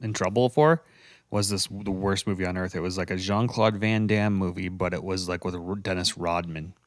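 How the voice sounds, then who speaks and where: Low-voiced man with wry remarks. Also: fairly even intonation, moderate pace, dry recording, clean studio sound. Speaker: podcast co-host. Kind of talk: casual chat.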